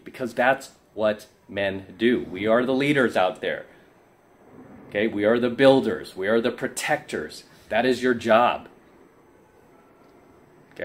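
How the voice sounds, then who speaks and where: A tired man giving an assertive, preachy coaching monologue to camera, often asking "right?". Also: fairly low pitch. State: tired from lack of sleep. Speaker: self-help coach.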